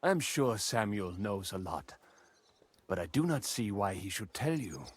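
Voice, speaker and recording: A man's voice: on the low side, sing-song, unhurried, husky, exaggerated voice. An actor voicing a suspicious, bitter man in a game, who speaks curtly and guardedly. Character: wary, bitter adult male Jewish townsman. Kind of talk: game dialogue.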